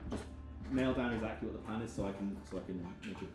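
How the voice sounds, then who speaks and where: A man acting as game master in casual tabletop game talk, relaxed and loose in his phrasing. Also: on the low side, fast talker. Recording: roomy sound with background music.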